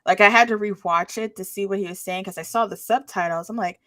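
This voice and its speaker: A woman with a mixed Southern and Midwestern American accent chats on a podcast. She talks in a lively way, acting out little quotes with laughs. Her voice sits mid-range, and the recording is dry and close. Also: medium pitch, quick pace, no room sound. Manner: animated, acts out quotes with laughs. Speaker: podcast co-host. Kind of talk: casual chat.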